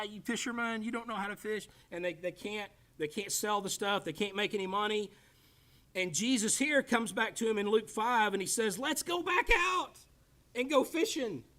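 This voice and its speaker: A man's voice: sits high, a bit bright. A man, teaching a Bible class in a casual, joking way and teasing people by name. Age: 50s.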